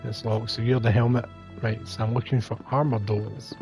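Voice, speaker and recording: A man's voice: medium pitch, level tone, normal speed, over music. A man hosting a gaming livestream, chatting casually and self-deprecatingly as he thinks aloud through the game. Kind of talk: casual gameplay commentary.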